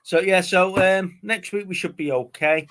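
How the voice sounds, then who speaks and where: A rambling, chatty man with a slightly high voice. He co-hosts a casual live stream, piling up fillers as he tells stories. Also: moderate pace, a bit bright. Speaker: co-host of a movie live stream. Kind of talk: casual chat.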